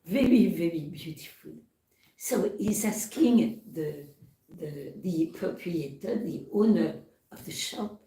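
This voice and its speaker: Woman temple speaker, slow storytelling, recorded far off in a roomy hall. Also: fairly low pitch, dark tone. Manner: slow, halting, repeats words while telling a parable. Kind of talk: devotional storytelling lecture. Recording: echoey hall, far from mic.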